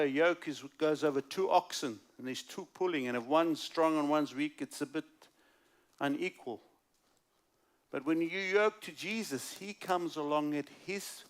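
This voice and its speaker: A man preaching at a church service, his voice sitting a little higher than most men's. He swings between loud, stressed lines and hushed, near-whispered asides. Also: measured pace. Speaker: guest preacher. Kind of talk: sermon.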